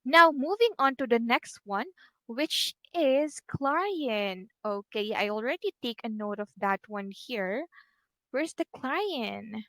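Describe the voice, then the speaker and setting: A woman teaching a one-on-one online English lesson, patient and encouraging, pausing to type corrections as she talks. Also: fairly high pitch, animated, a bit bright, no echo.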